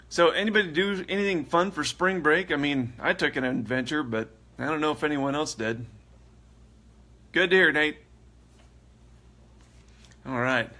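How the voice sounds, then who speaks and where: Bright chatty man, casual livestream host, rambling, laughs a lot. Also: mid-range voice.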